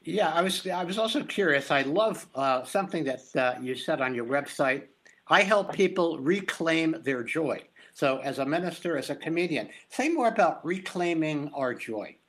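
A man hosting an interview, speaking in a reflective, halting way. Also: fairly high pitch, animated, fairly bright tone. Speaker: host. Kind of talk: conversational interview.

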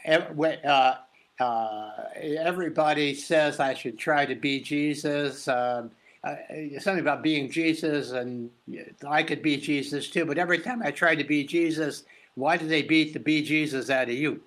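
Man, interview host, bright tense tone, slightly high voice, reflective, halting. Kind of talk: conversational interview.

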